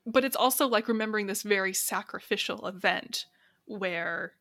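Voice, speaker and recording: Chatty woman podcaster, bright voice. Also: mid-range voice, moderate pace, creaky, no room sound, studio quality. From raised Catholic. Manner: chatty, storytelling with lots of fillers. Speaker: podcast co-host. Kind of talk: casual film discussion.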